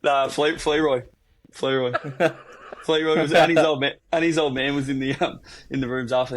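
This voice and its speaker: A man's voice: mid-range voice, fairly even intonation, moderate pace, a little hiss or hum. A young Australian man co-hosting a podcast, telling a rambling, sweary story in casual chat. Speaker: podcast co-host.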